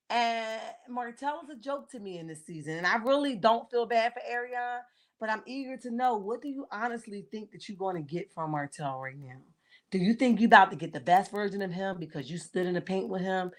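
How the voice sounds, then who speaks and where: A woman's voice: fairly high pitch, a little fast. A woman in her forties hosting a casual livestream. She talks bluntly and sassily, greets viewers by name and keeps checking in with "okay?". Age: 40s. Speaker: livestream host. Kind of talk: casual live-chat commentary on reality TV.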